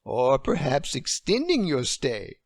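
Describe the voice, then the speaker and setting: A man voicing an excitable, overanimated adult woman friend who giggles as she talks, in a storybook reading. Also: very deep voice, slow pace, dry recording, clean studio sound, voice pushed up, heavily acted. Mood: eager.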